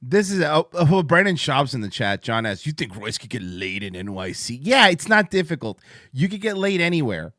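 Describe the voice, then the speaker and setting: A man rambles through a casual livestream chat, excitable and profane, wired on coffee. His pitch swings widely as he talks, and the sound is dry and close. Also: normal speed, no room sound. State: amped up on coffee. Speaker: podcast host.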